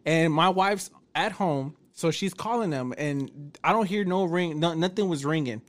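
Man, casual chat, animated storyteller, acts out quotes, curses a lot. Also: a little high, moderate pace. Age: adult, married.

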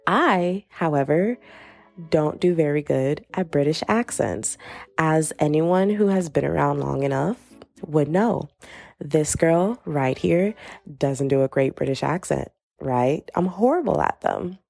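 Low, gravelly-voiced young woman podcaster. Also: expressive, a little slow, a little mellow, no echo, soft background music. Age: young adult. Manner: slangy, rambling, dramatic storytelling. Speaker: podcast host. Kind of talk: casual solo podcast chat. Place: home, bedroom.

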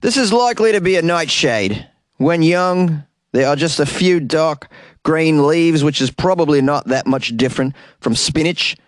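A high-pitched, hammy male scientist in a deliberately bad Australian accent, sounding earnest as he explains weeds, as a comic podcast host puts him on. The voice is pushed well above his own and slightly louder. It is recorded dry and close. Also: no room sound, close to an everyday voice.

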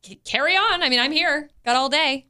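A woman's voice: high-pitched, brisk, sharp tone. A woman co-hosting a podcast, asking incredulous questions and teasing her co-host in casual chat. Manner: teasing, incredulous, laughs often.

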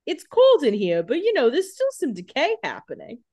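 A woman's voice: high-pitched, huge pitch swings, a little mellow. Chatty woman podcast co-host. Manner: chatty, many "like" fillers, quick jokes, frequent laughter. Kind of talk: casual recap chat.

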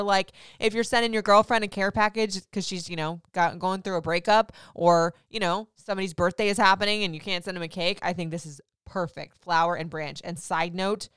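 A woman's voice: fairly low pitch, a bit bright, smooth, dry recording, clean studio sound. A woman hosting a podcast, gushing about food in a chatty, casual way with lots of filler words. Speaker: podcast host. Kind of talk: casual chat.

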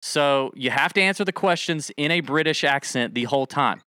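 A man hosting a casual podcast game show, energetic and joking as he hypes up a guest on a studio mic. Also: a little high, normal speed, clear, resonant tone, no echo. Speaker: show host.

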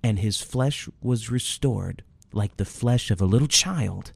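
A man delivers a sermon episode, retelling a scripture story in an animated way. He jumps into the characters' voices as he tells it. The sound is close and dry, with no room around him. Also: on the low side, measured pace, creaky, hardly any pauses, breathy edge, no room sound. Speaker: preacher. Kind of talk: sermon teaching on a Bible story.

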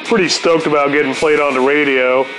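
A man's voice: fairly high pitch, steady tone, fairly quick, a bit bright, soft background music. A man in his forties telling rambling, profane stories in a laid-back stoner way as the host of his show. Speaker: podcast host. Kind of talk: casual storytelling.

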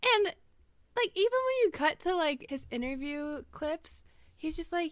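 A young woman with a fairly high voice talks through a show in easy podcast chat, full of likes and quick laughs. Her voice sits close and dry with no room around it. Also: very animated, fairly bright tone, no echo. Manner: chatty, laughs often, many fillers. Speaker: podcast co-host. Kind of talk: casual chat.

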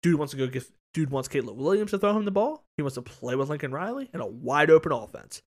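A man's voice: on the high side, very animated, quick pace, a little mellow. A man co-hosting a sports podcast in casual chat, rambling, repeating words and swearing freely. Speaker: podcast co-host. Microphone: podcast microphone.

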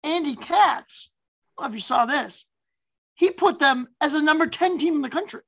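Creaky-voiced woman talking college hoops. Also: high voice, moderate pace, low-quality recording. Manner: chatty, animated, frequent fillers. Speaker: podcast co-host. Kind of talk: casual sports chat.

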